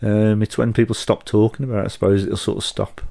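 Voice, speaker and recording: A middle-aged man with a Telford accent, a podcast guest telling anecdotes in a measured, slightly hesitant way. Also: on the low side, level tone, vocal fry, mellow. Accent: Telford English. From Telford, England. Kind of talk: conversational storytelling.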